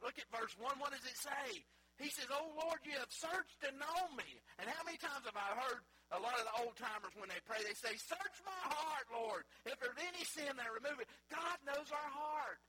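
A high, bright male voice with a husky edge delivers a sermon. He climbs to emphatic peaks, then drops to low, quiet asides, like a pastor preaching in a church sanctuary. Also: rough recording.

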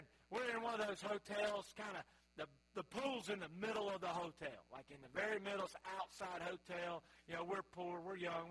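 A man's voice: high-pitched, a bit bright, husky, low-quality recording. A man, preaching a sermon in a folksy storytelling way and calling out to the congregation. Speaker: pastor.

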